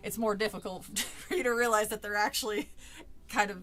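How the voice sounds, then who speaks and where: A woman's voice: mid-range voice, steady tone, fairly quick, fairly bright tone. A young woman streaming a book reading, breaking off for casual, sarcastic commentary with swearing and laughs.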